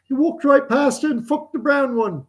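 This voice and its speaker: A man's voice: extremely high pitch, moderate pace, background noise, voice pushed up. A man voicing a cheeky young farm boy, with a put-on Northern English accent and a chirpy, blurting manner.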